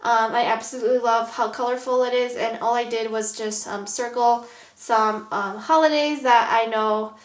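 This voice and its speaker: Woman vlogger, nasal and stuffy, a bit high, chatty with lots of ums, echoey room. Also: fairly even intonation, moderate pace. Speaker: planner vlogger. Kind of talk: casual show-and-tell vlog.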